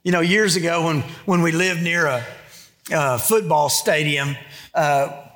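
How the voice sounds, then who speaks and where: High-voiced preacher. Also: male voice, unhurried, a bit bright. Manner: conversational preaching, acts out quotes. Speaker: pastor. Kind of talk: sermon.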